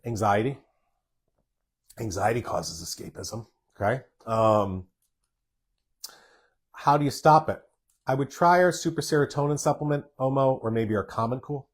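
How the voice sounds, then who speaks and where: Speaking unhurriedly with long pauses, this doctor reads viewer questions aloud in a live Q&A and responds in a direct, plainspoken way. His voice has medium pitch and lively intonation.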